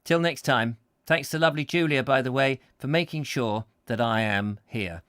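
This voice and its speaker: A man's voice: medium pitch, moderate pace, fairly bright tone, smooth, no room sound. A man hosting a live comic chat show, rambling through jokes, asides and thank-yous. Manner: rambling, jokey, chatty asides. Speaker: host.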